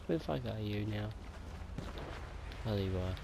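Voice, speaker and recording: A man chatting casually while playing a shooting game online, swearing often and reacting excitedly. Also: on the low side, moderate pace, gravelly. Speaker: gamer. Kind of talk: casual gaming chat. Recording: loud background noise.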